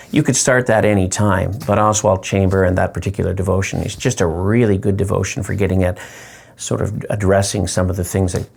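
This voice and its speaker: A pastor gives a short devotional teaching talk in a friendly, conversational way. His voice sits low and carries a gravelly, fry-laden texture. He slows down deliberately to stress words.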